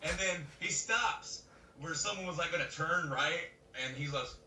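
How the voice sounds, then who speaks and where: A man co-hosting a podcast, telling a story in casual chat, animated and laughing as he acts out other people's lines. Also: fairly high pitch, moderate pace. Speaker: podcast co-host. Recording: roomy webcam mic from a distance, faint noise.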